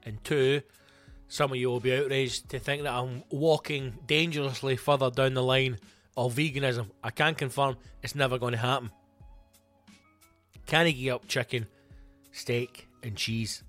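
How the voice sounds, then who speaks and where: A Scottish man hosting a comedy podcast, ranting in an animated, sweary monologue. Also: mid-range voice, normal speed, soft background music. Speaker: comedian host.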